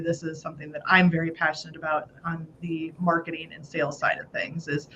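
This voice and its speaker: Woman host, casual podcast talk, upbeat and laughing, slightly dull recording with low rumble. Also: fairly bright tone. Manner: laughs often, chatty and upbeat, swears casually.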